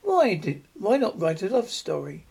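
A prim, fussy wife scolding her husband, put on by a man reading a story aloud. The voice sits fairly high and keeps slipping into small stumbles and restarts. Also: sing-song, measured pace, vocal fry, a little mellow, husky, exaggerated voice.

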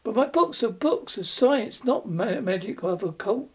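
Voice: mid-range voice, lively intonation, moderate pace, breathy edge. A reader voicing a bewildered male townsman who protests and questions in a storybook reading. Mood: indignant. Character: puzzled, indignant townsman returning home.

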